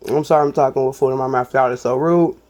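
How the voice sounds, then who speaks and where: A woman's voice: a bass voice, fairly even intonation, fast, darkish tone. Lady doing a cooking vlog, chatty, keeps saying y'all. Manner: chatty, addresses viewers as y'all. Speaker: cooking vlogger.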